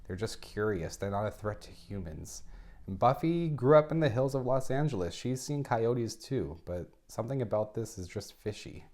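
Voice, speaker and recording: A man walks through a novel's plot in a relaxed, conversational way. His voice sits fairly low, and he keeps breaking off for dry, joking comments of his own. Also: moderate pace. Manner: chatty, wry asides with laughs. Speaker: book review host. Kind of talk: casual book recap.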